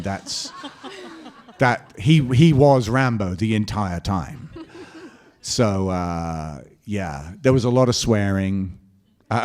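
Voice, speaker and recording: Low-voiced guy telling animated stories to fans at a con panel. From Scotland. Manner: lively anecdotal storytelling with quoted voices and laughs. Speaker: convention panel guest actor. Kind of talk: storytelling Q&A panel. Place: convention hall panel.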